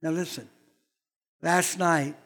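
A man's voice: on the high side, fairly even intonation, slow, fairly bright tone. An older man, a pastor, preaching a sermon in a folksy, blunt manner and acting out quoted voices.

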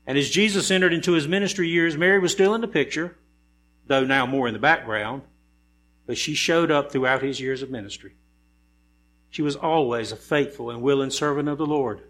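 Man, church sermon, slightly high voice, conversational then emphatic preaching, mains hum behind. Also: fairly bright tone. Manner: conversational preaching that builds to emphatic rhetorical questions. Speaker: pastor. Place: church sanctuary.

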